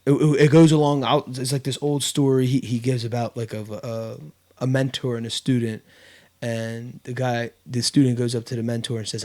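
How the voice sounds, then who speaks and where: A man's voice: mid-range voice, flat delivery, normal speed, darkish tone. A man hosting a casual podcast chat, telling a story with lots of fillers and restarts. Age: adult with kids. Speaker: podcast host.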